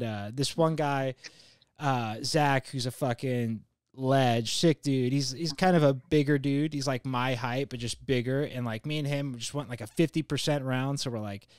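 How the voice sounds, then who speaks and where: A man's voice: medium pitch, clear, resonant tone, no echo, clean studio sound. A man hosting a podcast, telling a story in casual chat, rambling with many restarts, fillers and swearing. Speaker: podcast host.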